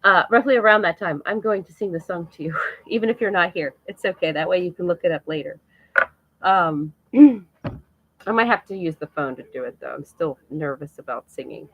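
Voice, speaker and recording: Woman, middle-aged, casual live-stream chat, emotional, laughs often, lively pitch. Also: moderate pace, highs cut off, slight background noise.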